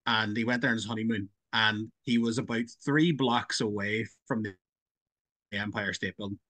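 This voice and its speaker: A man's voice: lowish voice, moderate pace, no echo. A man with a Northern Irish accent co-hosting a podcast, teasing his friend and telling stories. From Northern Ireland. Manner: teasing, lively storyteller. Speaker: podcast co-host. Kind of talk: casual chat.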